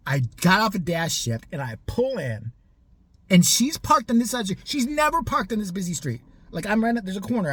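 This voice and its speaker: A man's voice: fairly high pitch, a bit bright, breathy edge. A man telling a profane, sarcastic story about his neighbor in a casual rant. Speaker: vlogger.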